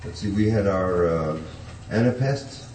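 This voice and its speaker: In a classroom with a blackboard, a man teaches poetry in a low, lively, unhurried voice, chanting rhythms in nonsense syllables and chuckling often. The audio is a distant room recording: echoey, with a noisy tape.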